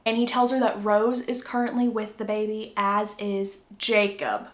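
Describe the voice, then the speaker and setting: A young woman casually recapping a book plot for her channel, chatty and lively, jumping into character quotes. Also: normal speed, hardly any pauses, reverberant. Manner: chatty, acts out quotes with pitch jumps. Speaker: book summarizer.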